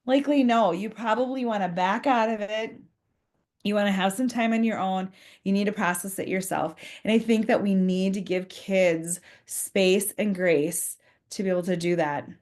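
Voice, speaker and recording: A woman's voice: mid-range voice, moderate pace, darkish tone. A woman giving a conversational professional development talk to school leaders, earnest, acting out short example dialogues.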